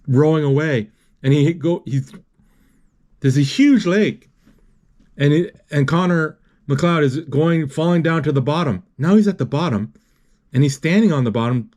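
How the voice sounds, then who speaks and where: A man's voice: a little high, darkish tone. A man recapping a film scene by scene while it plays. He stumbles often, breaks off mid-word and corrects himself, in a plain, casual way of talking. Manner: halting, with many restarts and self-corrections. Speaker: movie recapper. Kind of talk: live retelling of a movie as he watches.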